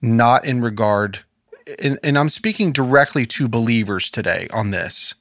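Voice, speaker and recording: An earnest man co-hosts a faith podcast in a studio, speaking in a preacherly way. His voice sits at an ordinary pitch. The sound is close and dry. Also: lively intonation, normal speed, a bit bright, no room sound. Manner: earnest, preacherly, quotes scripture. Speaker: podcast co-host. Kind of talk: casual faith discussion.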